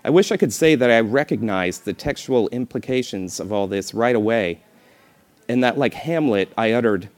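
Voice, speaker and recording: A man's voice: mid-range voice, lively intonation, normal speed. A man reading a memoir aloud in a dry, wry manner, breaking off now and then for playful off-the-cuff remarks.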